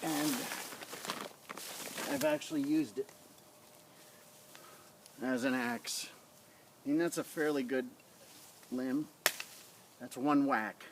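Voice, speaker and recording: A man's voice: mid-range voice, steady tone, takes it slowly, long pauses, noisy background. A man casually reviewing a survival knife in his yard, talking in a rambling, blunt way into a tablet camera on a tripod. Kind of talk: casual outdoor demo vlog. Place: outdoors in a front yard.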